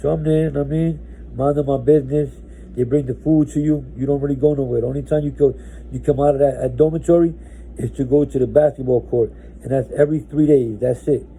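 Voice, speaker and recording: A man's voice: medium pitch, steady tone, fairly quick, dark tone, a little hiss or hum, low-quality recording. A man from New Jersey telling his own story casually, rambling with lots of restarts. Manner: rambling, with many restarts and "right?".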